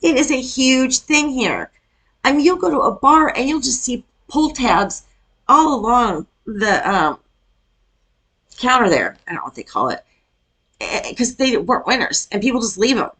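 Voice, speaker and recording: A woman's voice: a little high, sing-song, normal speed, a bit bright, breathy edge. A middle-aged woman from Iowa, chatting casually as she reacts to a video and rants with laughs. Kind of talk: casual chat reacting to a clip.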